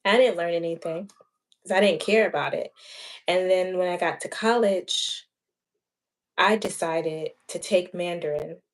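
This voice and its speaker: A woman's voice: fairly low pitch, measured pace. A woman hosting a channel, chatting casually in a rambling, thinking-aloud way with many fillers. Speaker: channel host. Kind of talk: casual chat.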